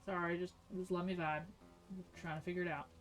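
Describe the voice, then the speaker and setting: A young woman from the American South live-streams a building game, chatting with viewers and muttering her thoughts aloud in a sleepy, giggly way. Her voice is on the low side, level in tone, and fast. Faint music plays behind her.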